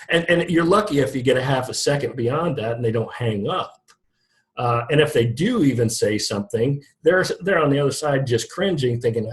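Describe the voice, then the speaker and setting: A man's voice: medium pitch, moderate pace. A middle-aged man as an interview guest, talking casually about sales with restarts and chuckles. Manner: conversational, restarts sentences, laughs at own jokes. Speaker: guest, lead generation company founder.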